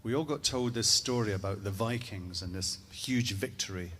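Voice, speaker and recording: A man's voice: on the low side, moderate pace, fairly bright tone, slight background noise. A Scottish man telling a comic story in a wry, rambling way, with profane asides. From Scotland.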